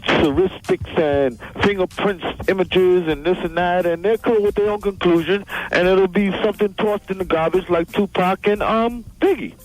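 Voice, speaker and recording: A man's voice: high voice, steady tone, normal speed, hardly any pauses, faint music behind, rough recording. A man calling in to a radio talk show, earnest and opinionated, talking in a streetwise way. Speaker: caller.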